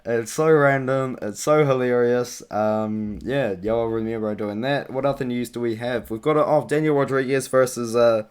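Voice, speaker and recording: A man's voice: medium pitch, moderate pace, hardly any pauses, a little mellow, clean tone. A young man in a casual vlog giving fight predictions, chatty and rambling, with frequent ums and uhs. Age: young adult. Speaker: MMA vlogger.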